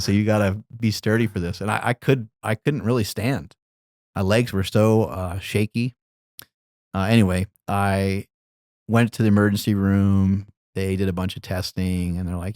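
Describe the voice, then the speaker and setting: A man's voice: lowish voice, normal speed, no room sound, clean studio sound. Laid-back man telling rambling stories. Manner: relaxed, rambling, laughs while telling stories. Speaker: podcast guest. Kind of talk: casual storytelling.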